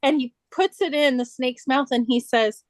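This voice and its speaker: A woman's voice: high voice, normal speed, no echo. A woman, older, hosting a live sewing stream and chatting fondly about her grandson on a video call. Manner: chatty, doting grandmother talk. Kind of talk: casual chat.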